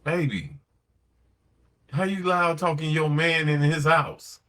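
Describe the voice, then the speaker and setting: A man's voice: fairly high pitch, fairly even intonation, slow pace, a bit bright. Blunt, slangy man on a podcast. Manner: blunt, slangy, emphatic storytelling. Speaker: podcast host. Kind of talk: casual late-night podcast talk.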